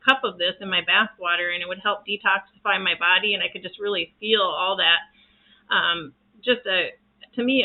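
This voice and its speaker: Brief: woman, reiki practitioner, casual to-camera chat, earnest and rambling, full of restarts, thin phone-like sound. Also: medium pitch. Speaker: reiki practitioner sharing home remedies.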